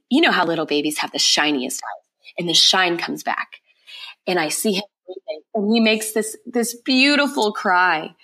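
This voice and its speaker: Woman with a lower voice giving a heartfelt testimony. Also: a bit bright. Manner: emotional, quick retelling with repeated phrases. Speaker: podcast guest. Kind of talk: personal testimony in an interview.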